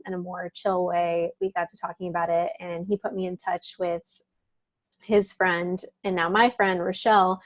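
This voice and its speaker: A woman's voice: on the low side, level tone, moderate pace, no echo. Woman chatting away, lots of "like"s and little laughs, dry close sound. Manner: chatty, laughs often, many "like" fillers. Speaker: interview guest. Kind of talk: casual storytelling.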